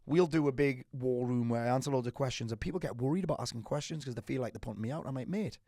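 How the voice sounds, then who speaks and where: A man's voice: mid-range voice, very fast, no echo, studio quality. A middle-aged man, a business coach on a podcast, chatting casually, swearing freely and joking. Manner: swears freely, animated and jokey.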